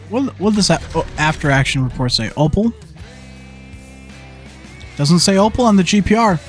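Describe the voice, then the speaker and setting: A young man sits high in pitch as he streams a zombie shooter with live gameplay commentary. He often gets frustrated and swears, talking to the game and shifting from mumbled asides to loud yelling.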